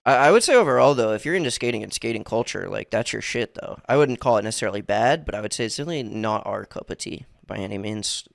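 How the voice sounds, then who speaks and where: A man's voice: lowish voice, expressive, fast, gravelly, few pauses, no room sound, studio quality. A man co-hosting a casual podcast, rambling with lots of fillers and swearing. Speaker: podcast co-host. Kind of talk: casual chat.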